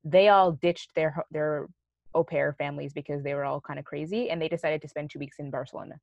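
A young woman with a fairly low voice tells a story in a casual chat, animated and given to casual swearing. The recording is dull and dry, with no room sound. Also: fast, creaky, dry recording. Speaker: guest telling a story.

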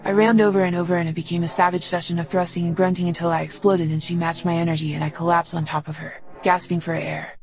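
A woman giving steady, unhurried first-person audiobook narration. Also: fairly low pitch, rough recording.

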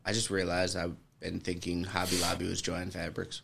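A young man co-hosting a casual podcast, bantering in a laid-back, opinionated way with a gravelly voice. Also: low voice, completely flat delivery, normal speed. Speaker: podcast co-host. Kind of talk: casual chat. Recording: faint background noise.

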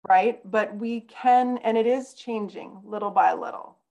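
A woman's voice: mid-range voice, unhurried, vocal fry, a little mellow, muffled recording. A woman guest on a podcast, telling a personal story in an earnest, conversational way.

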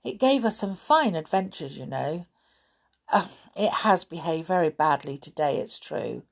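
A woman's voice: low voice, expressive, unhurried, vocal fry, full character voice. A woman voicing a gloomy, worried young boy in a children's storybook, speaking in a glum, fretful way. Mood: sad.

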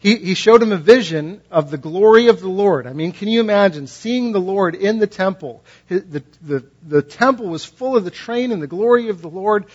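A man with a slightly high, husky voice delivers a conversational sermon, slipping into quoted voices and rising in pitch as his point builds. The recording is dull and lo-fi. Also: expressive, normal speed, few pauses, a little mellow. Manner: conversational, acts out quoted voices, rises in pitch when impassioned. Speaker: pastor.

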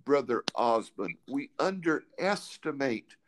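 A man's voice: mid-range voice, big pitch swings, slight background noise. A man hosting a casual faith talk, fervent and emphatic, often repeating words as he searches for what to say. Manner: halting, with many repeated words.

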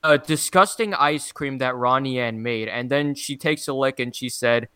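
A man talks through a podcast review in casual chat, stumbling and restarting his sentences. His voice is bright and crisp. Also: medium pitch, normal speed. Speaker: podcast co-host reviewing cartoon episodes.

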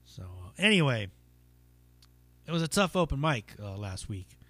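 A man rambles through a story on his own podcast, swearing freely and leaning on "you know" and "um". His voice is bright and forward. The recording is dry and close, with no room sound. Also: medium pitch, very animated, moderate pace, no room sound. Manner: rambling, profane, lots of fillers. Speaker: podcast host and stand-up comic. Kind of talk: casual solo storytelling.

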